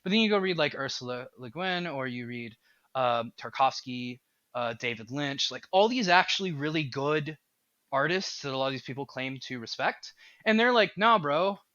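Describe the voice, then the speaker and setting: A man who is a game developer, talking as a podcast guest in an animated, rambling way. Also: mid-range voice, moderate pace, dry recording, dull audio. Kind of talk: casual podcast chat.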